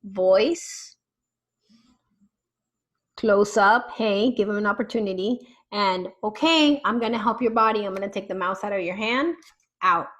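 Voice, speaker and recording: A woman parenting therapist coaching parents on a video call, deliberately swinging her voice from high to low. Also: fairly bright tone, rough recording.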